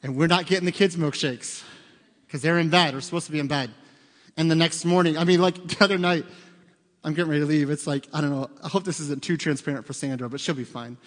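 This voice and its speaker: Pastor guy in his 40s preaching, kinda high voice, chatty stories then gets loud, long church echo. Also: quick pace. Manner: conversational storytelling, rising loud and excited for emphasis. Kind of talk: sermon. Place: church sanctuary. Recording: long hall reverb.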